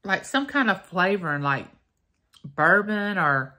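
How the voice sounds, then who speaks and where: A woman's voice: on the low side, sing-song, measured pace, bright, forceful tone. A woman, chatting folksily to her viewers in a casual taste-test vlog. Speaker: vlogger.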